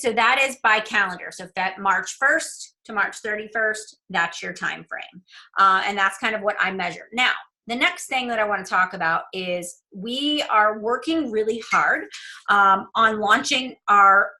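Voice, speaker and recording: A woman business coach with a bright, forceful mid-range voice presents on a group call over a rough recording. She's chatty and informal, thinks out loud, and keeps checking in with "right?"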